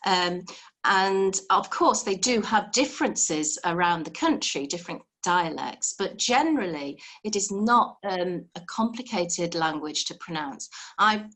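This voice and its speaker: A woman's voice: lowish voice, animated, measured pace, a bit bright. A woman teaching a live beginner language lesson over a video call, patient and encouraging, explaining step by step.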